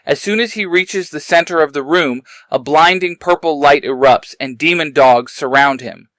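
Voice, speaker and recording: A man reading his own fanfiction aloud, moving briskly through the narration and shifting his voice a little for the characters' lines. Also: a bit bright, dry recording. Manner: reads brisk narration and lightly varies pitch for characters' dialogue. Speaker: fanfiction reader.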